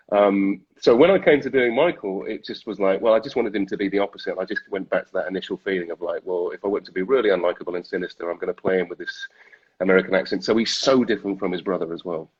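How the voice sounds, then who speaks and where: A British man with a slightly husky voice talks through an interview over a dull, lo-fi video call line. He laughs easily at himself and stops and restarts mid-sentence. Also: sits low. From Britain. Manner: self-deprecating, laughs often, halting restarts. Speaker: actor, interview guest. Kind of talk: casual interview chat.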